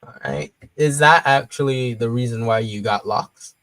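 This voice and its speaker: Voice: mid-range voice, moderate pace, a bit bright, no room sound, rough recording. An interviewer asking questions and giving short encouraging responses. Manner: brief encouraging backchannels. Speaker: interviewer host. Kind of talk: interview conversation.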